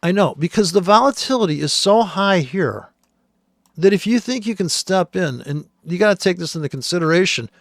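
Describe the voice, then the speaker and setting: A man talks through trading charts in a blunt, exasperated rant full of swearing. His voice sits high for a man. The sound is dry and close, with no room echo. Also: lively intonation, moderate pace. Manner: blunt, profane, exasperated ranting. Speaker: trader. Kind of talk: screen-share chart commentary.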